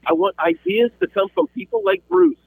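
A man's voice: very high-pitched, big pitch swings, fairly quick, creaky, no echo. A man calling in to a radio talk show, arguing with passion and often repeating his words. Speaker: caller. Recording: tinny dry phone line.

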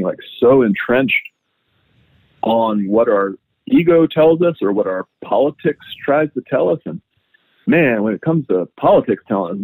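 A man's voice: mid-range voice, no echo. A man, a farmer guest on a podcast, chatting casually and rambling with lots of filler words. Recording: phone-like narrow sound.

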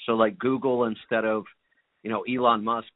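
A man's voice: on the low side, little pitch movement, normal speed. A man hosting a casual call-in radio show over his phone, joking and chatty. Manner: joking, chatty, laughs easily. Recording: phone-line audio.

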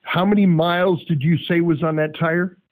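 A man's voice: fairly high pitch, normal speed, phone-quality sound. A man hosting a call-in radio show, joking with callers and asking pointed questions. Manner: lively, joking, asks probing questions.

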